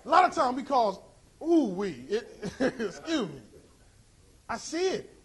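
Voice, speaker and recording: A man preaching a sermon, impassioned and rising to shouts with drawn-out emphasis. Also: very high-pitched, big pitch swings.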